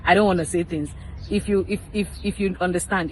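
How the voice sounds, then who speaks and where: A woman's voice: on the low side, fast talker, a little hiss or hum, low-quality recording. A chatty woman vlogging to her viewers, stressing and repeating each point with playful teasing asides. She talks in an easy, unscripted way from a public spot where people pass by. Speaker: crypto vlogger. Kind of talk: casual advice vlog.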